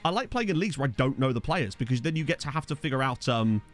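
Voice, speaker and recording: A man's voice: medium pitch, expressive, fast talker, soft background music. A tired man chatting casually as a game streamer, rambling and self-deprecating while answering viewers, with lots of fillers. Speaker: gaming streamer. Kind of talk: casual let's-play chat reading viewer comments.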